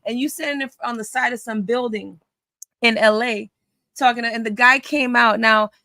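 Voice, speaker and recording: Bright-voiced woman mocking someone. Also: a little high, normal speed, no echo. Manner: blunt, mocking, animated storytelling. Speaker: host. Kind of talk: casual commentary chat.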